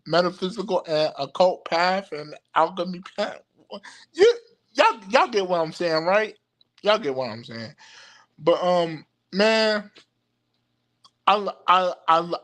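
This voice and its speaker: A young man hosting a livestream, talking casually to his viewers, halting and full of stammered restarts, often laughing. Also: high voice, a bit bright. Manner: addresses viewers directly as "y'all". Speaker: occult livestream host. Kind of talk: rambling casual livestream talk.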